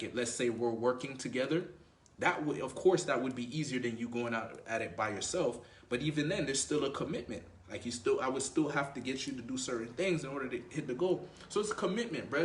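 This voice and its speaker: Brief: male dating coach, casual swearing delivery, filler-heavy, roomy echo. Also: mid-range voice. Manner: loose, profane, peppered with "you know" and "right?". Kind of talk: casual talking-head coaching. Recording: echoey room.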